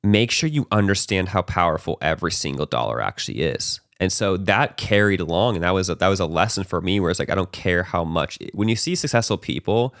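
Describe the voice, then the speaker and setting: Low gravelly dude on a podcast, super casual, lots of "like" and "right?", dry close sound. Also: male voice, a little fast, few pauses, dry recording. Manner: loose and conversational, peppered with "like", "right?" and "bro"; animated, acting out his own past panic. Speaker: podcast host. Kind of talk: casual storytelling in conversation.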